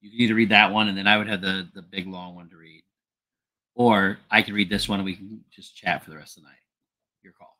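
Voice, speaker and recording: A man's voice: sits low, fairly even intonation, brisk, bright, forceful tone. An easygoing man hosting a live book club, chatting and reading chapters aloud. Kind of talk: casual chat and reading aloud.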